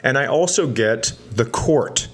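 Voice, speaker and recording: A man's voice: mid-range voice, a little slow. Self-mocking man telling a funny story. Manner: rambling, self-mocking, deadpan punchlines. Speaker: podcast co-host telling a story. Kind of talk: comedic storytelling on a podcast.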